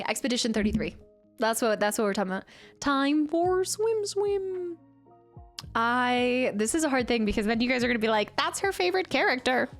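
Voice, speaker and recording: Woman streamer, casual chat, fairly high voice, gets excitable and squeaky, faint music under. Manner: excitable, squeals and laughs when opening gifts.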